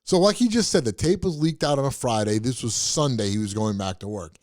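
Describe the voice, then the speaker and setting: A man's voice: medium pitch, animated, fairly quick, a little mellow, no room sound, studio quality. A male show host giving a blunt, profane, scoffing commentary monologue.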